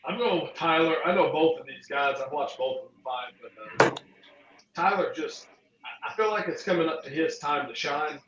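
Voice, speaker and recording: A man's voice: on the high side, moderate pace, noisy background. A man on a panel giving his picks in casual chat, hesitant with many fillers. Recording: distant roomy lo-fi with loud crowd.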